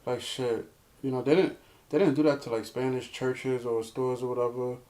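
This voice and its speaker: Young man, guest, casual chat, earnest, halting, mid-pitched voice. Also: fairly even intonation, warm tone. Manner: earnest, halting, repeats words.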